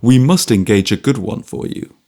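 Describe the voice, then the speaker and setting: A man voicing a kindly, excitable old guardian. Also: lowish voice, moderate pace. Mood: earnest. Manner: earnest, insistent. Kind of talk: audiobook character reading.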